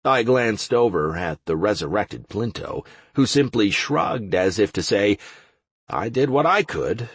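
Male audiobook narrator, husky, slow, measured and wry; dry close read. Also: medium pitch, no room sound. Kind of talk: first-person fiction narration.

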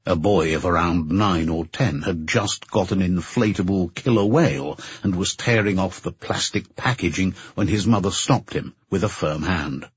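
A man narrating an audiobook in a measured, even storytelling manner. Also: sits low, slightly rough, dry recording. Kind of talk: scripted narration. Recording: dull dry narration recording.

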